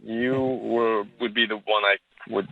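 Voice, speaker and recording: A man's voice: lowish voice, little pitch movement, a little slow, vocal fry, a little hiss or hum. A man in his forties calling in to a radio show, awkward and stammering. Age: 40s. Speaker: caller. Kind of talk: phone call on radio. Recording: tinny phone line.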